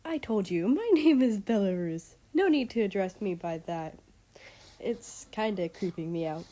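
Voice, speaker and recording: A woman's voice: medium pitch, moderate pace, warm tone, close to an everyday voice. A woman voicing a bubbly, teasing young girl in a read-aloud story. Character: bubbly teenage girl, cheerful and pushy.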